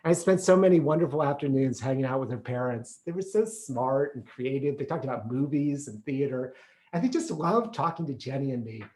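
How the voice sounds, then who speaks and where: A man performing a solo theatrical monologue, animated and playful, acting out the people in his story. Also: mid-range voice, fairly quick, roomy sound. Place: theater stage.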